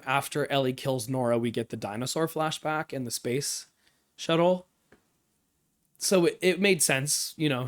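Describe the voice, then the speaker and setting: Slow-talking excitable male streamer. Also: mid-range voice. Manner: excitable, emotional fan reactions, rambling asides. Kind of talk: livestream episode recap and analysis.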